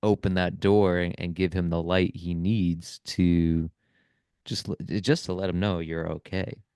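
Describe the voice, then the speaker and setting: Brief: male podcast host, very low, smooth voice, dry close sound, earnest and reflective. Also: steady tone, measured pace, darkish tone, no echo. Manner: earnest, often ends thoughts with "right?". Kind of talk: reflective casual conversation.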